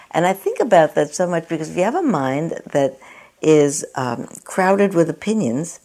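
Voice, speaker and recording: A woman's voice: low voice, very animated, normal speed, a little mellow. A woman meditation teacher giving a dharma talk at a meditation center, chatty and self-mocking, often laughing at herself.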